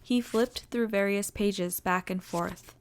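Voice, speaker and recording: Expressive woman reading a story aloud. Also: mid-range voice, takes it slowly, a little hiss or hum. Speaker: story reader. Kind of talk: fan fiction audio narration.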